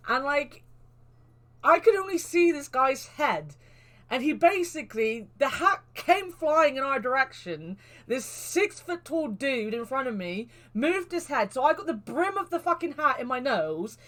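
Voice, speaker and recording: Rambling woman streamer. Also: sits high. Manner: rambling, animated storytelling. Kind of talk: casual game stream chat.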